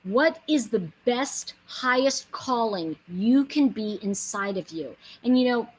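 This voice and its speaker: A woman's voice: on the high side, expressive, slow pace, a little mellow, breathy edge, poor audio. A woman giving a casual motivational monologue, earnest and emphatic, rambling with many asides. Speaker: inspirational speaker.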